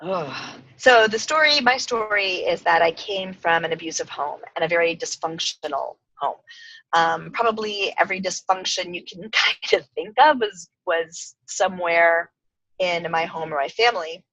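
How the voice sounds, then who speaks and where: Middle-aged woman guest, bubbly and giggly, bright crisp tone, dry close sound. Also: on the low side, normal speed, no echo, low-quality recording. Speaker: podcast guest, life coach. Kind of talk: casual interview chat.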